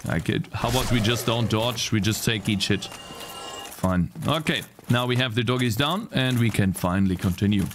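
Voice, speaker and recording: This game streamer has a mid-range voice and talks fairly quickly with few pauses, keeping up casual commentary for his viewers. He swears freely when he gets frustrated, which is easily, over background noise and game music.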